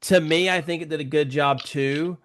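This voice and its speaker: A man's voice: fairly high pitch, steady tone, normal speed, a bit bright, no echo, clean studio sound. A man co-hosting a casual film discussion, talking in an agreeable, reflective way with frequent fillers. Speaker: podcast co-host.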